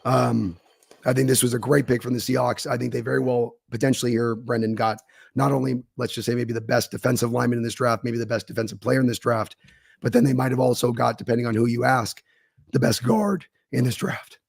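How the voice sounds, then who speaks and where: A man co-hosting a casual podcast chat, his voice going hoarse, talking confidently through his analysis with filler ums. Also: medium pitch, fairly even intonation, a little fast, dry recording, clean studio sound. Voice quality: gravelly, husky. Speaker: co-host.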